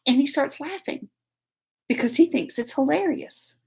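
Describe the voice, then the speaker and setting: A woman's voice: fairly high pitch, animated, measured pace, gravelly, fairly bright tone. A woman telling a story to camera in a casual, self-mocking way, laughing often. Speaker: host.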